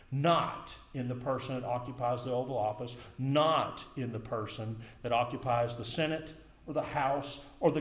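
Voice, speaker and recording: A middle-aged man preaching a sermon in a church in an earnest, conversational way. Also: mid-range voice. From United States. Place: church sanctuary. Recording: echoey church room.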